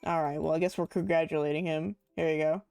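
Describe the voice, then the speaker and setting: A woman's voice: sits low, fairly even intonation, fast talker, creaky, darkish tone, clean tone, dry recording, studio quality, soft background music. A woman streamer reacting to a game live, with incredulous asides to her viewers. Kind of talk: live gameplay commentary.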